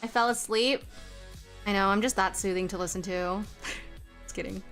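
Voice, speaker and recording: A woman's voice: medium pitch, fairly even intonation, normal speed, a bit bright, faint music behind. A woman streaming while she draws, chatting casually with viewers, answering the chat aloud and laughing often.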